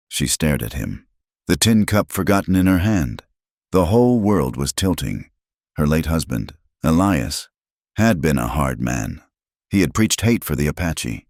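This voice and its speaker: A man's voice: rumbling low, very animated, a little slow, vocal fry, a little mellow, no echo, clean studio sound. A man narrating a frontier story in a dramatic, emphatic scripted style.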